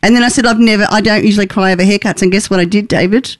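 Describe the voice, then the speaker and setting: A woman's voice: medium pitch, fairly even intonation, rapid-fire. A woman co-hosting a radio show, chatting in wry, self-mocking banter. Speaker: radio co-host.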